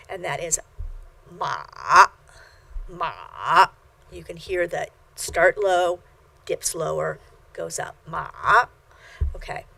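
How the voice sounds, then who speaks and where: Lecturing teacher, a woman, slow and careful with fillers, sings out the example syllables. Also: lowish voice, vocal fry, husky. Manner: slow and deliberate, with uhs and ums. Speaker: language teacher. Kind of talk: recorded lecture.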